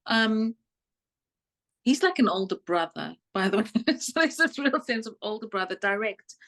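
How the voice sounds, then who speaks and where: A woman's voice: fairly high pitch, lively intonation, moderate pace, fairly bright tone. A woman from South Africa with a South African accent, appearing as a psychic guest on a talk show. She is chatty, laughs easily and repeats her phrases. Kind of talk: casual interview chat.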